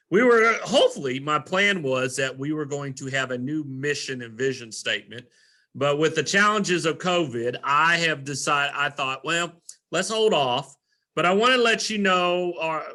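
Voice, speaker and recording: School principal, man, earnest and self-correcting, brightish, slightly high voice. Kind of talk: recorded presentation to parents.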